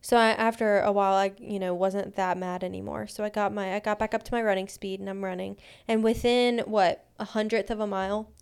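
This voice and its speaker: A woman co-hosting a podcast, telling a story in a casual, animated way, with lots of "like". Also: mid-range voice, gravelly, clean tone. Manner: animated, fast anecdotes full of "like". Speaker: podcast co-host.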